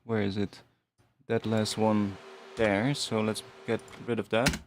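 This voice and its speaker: Slow and level, his fairly low voice walks viewers of his live stream through the music he's producing. The young man rambles casually, thinking aloud, starting sentences over, with some light swearing.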